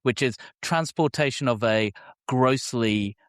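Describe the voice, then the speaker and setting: A man's voice: medium pitch, a little slow, smooth, no room sound, studio quality. A man on a film podcast panel in casual talk, chuckling often, giving short agreeing replies and asking questions.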